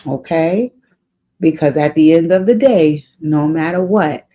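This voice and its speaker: This advice show host has a low, mellow voice and speaks a little slowly. Addressing a letter writer on her vlog with real earnestness, she tends to repeat her main points and becomes emotional.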